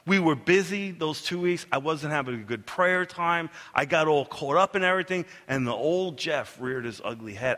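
A middle-aged male pastor preaching a sermon, telling personal stories in an animated way and acting out the quotes. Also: a little high. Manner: animated storytelling, acts out quotes. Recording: long hall reverb.

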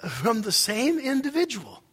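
A male pastor preaching a sermon dramatically, swinging from loud outbursts to hushed asides. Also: extremely high pitch, wildly swooping pitch, a little slow, husky, long reverb tail.

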